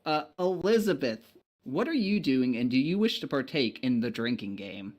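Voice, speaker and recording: A man's voice: medium pitch, animated, moderate pace, a little mellow. A man narrating a tabletop game as game master, casual and rambling with many fillers.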